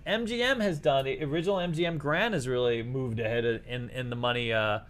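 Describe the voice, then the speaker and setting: A man's voice: mid-range voice, a little fast, fairly bright tone. A middle-aged man with a Boston accent hosting a casual podcast chat, rambling and joking as he restarts his sentences. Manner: rambling, jokey, self-interrupting. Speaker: podcast host.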